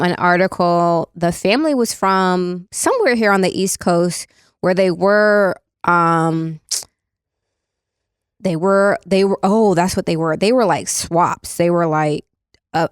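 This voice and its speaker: A woman's voice: fairly low pitch, clear, resonant tone, no room sound, studio quality. A woman in her thirties co-hosting a casual podcast, telling stories bluntly with plenty of fillers. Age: 30s. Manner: blunt, laid-back storytelling with frequent fillers. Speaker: podcast co-host.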